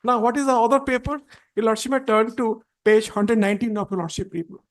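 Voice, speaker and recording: Male advocate, high voice, halting courtroom argument, deferential to the bench. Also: fairly even intonation. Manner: halting, deferential, constantly repeats "my lords". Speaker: advocate arguing before a judge.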